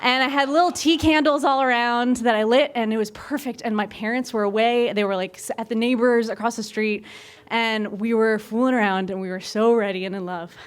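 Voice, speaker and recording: A young woman telling a comic true story on stage to a live audience, candid and lively, and she acts out the quoted voices. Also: a little high, brisk, clear, resonant tone.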